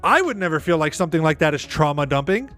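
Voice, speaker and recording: Podcast host, male, high voice, talks in a loose, exasperated ramble. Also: big pitch swings, fast, a bit bright, faint music behind. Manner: rambling, exasperated, heavy use of "like". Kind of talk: casual reaction commentary.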